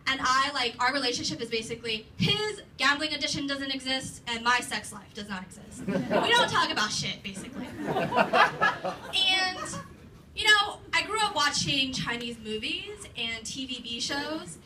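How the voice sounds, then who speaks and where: Very high-voiced woman doing profane stand-up. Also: animated, normal speed. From Los Angeles area. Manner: profane, rambling storytelling with frequent "like". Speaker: stand-up comedian. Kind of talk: stand-up comedy set. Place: comedy club stage. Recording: distant mic, noisy club.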